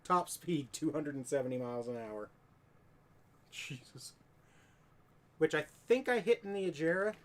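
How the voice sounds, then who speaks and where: A man's voice: fairly high pitch, expressive, moderate pace, pauses often. A man chatting casually with viewers while streaming a racing game, rambling and joking. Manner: rambling, jokey, chats with viewers. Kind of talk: casual live-stream chat.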